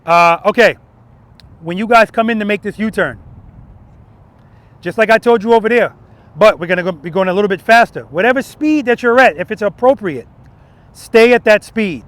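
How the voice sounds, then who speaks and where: A man's voice: sits high, moderate pace, pauses often, a bit bright, dry recording. A man teaching a motorcycle riding lesson in an outdoor parking lot. He stresses key points again and again and often checks in with "right?".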